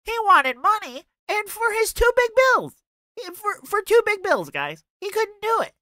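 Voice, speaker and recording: Guy putting on a squeaky nasal mock voice of some whiny streamer, dry close mic. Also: wildly swooping pitch, unhurried, bright, forceful tone, no echo, full character voice. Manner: mocking, sing-song. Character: whiny high nasal mocking male streamer.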